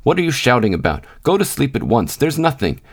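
A man voicing a tense, grieving young miner's wife who hushes her children with sharp commands. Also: mid-range voice, very animated, normal speed.

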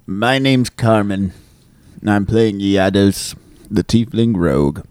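A woman playing a rogue in a tabletop game, talking in a low-key, wry way. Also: slow pace, darkish tone, no room sound, studio quality. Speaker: player. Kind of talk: casual tabletop game chat.

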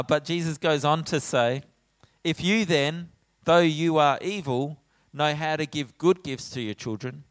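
A middle-aged man preaching a sermon in a church as pastor, animated, acting out his own lines when he tells stories. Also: mid-range voice, dry recording. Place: church hall.

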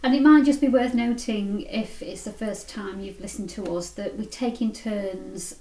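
A woman co-hosting a podcast, chatting in a relaxed way and often trailing off softly at the end of her sentences. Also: mid-range voice, normal speed. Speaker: podcast co-host. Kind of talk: casual podcast chat. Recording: roomy sound from a distant mic.

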